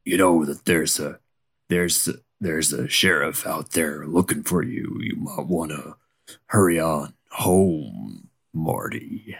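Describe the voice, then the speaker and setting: A man voicing a gravelly male hunter in a tabletop game, using a put-on Southern drawl and a slow, dry, teasing manner. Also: extremely low pitch, full character voice. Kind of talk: tabletop role-play.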